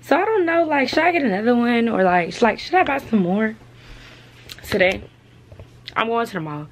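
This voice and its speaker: A woman's voice: fairly high pitch, expressive, moderate pace, a little hiss or hum. A young woman chatting casually to her camera at home, full of slang and "y'all". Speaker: vlogger.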